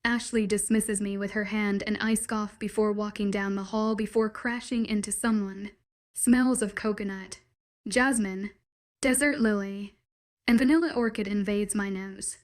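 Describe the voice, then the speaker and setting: A woman narrating a first-person story in a steady, even reading voice. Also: mid-range voice, measured pace.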